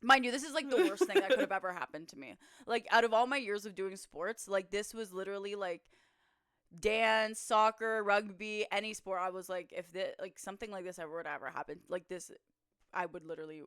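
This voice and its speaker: A woman co-hosting a podcast, telling an embarrassing story in a lively, profane way with lots of "like" fillers. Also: mid-range voice, fairly quick, clean tone, dry recording, clean studio sound. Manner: animated, profane, full of "like" fillers. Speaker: podcast co-host. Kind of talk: casual storytelling chat. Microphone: streaming setup.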